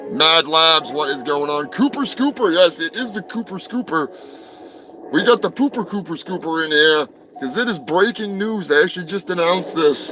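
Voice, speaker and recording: A man hosting a crude comedic news show, rambling profanely and breaking into shouted bits. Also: a little high, rough recording. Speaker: host.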